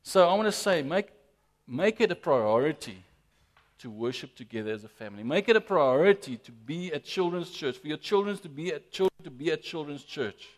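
A man preaching a sermon as pastor, emphatic and lively, often addressing the congregation directly. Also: fairly high pitch, a little fast. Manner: lively, emphatic preaching with frequent "guys" and "amen".

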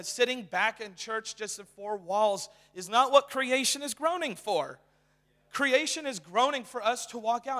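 Young man, guest preacher, casual excited sermon, lots of fillers, high-pitched, echoing church hall. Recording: reverberant hall.

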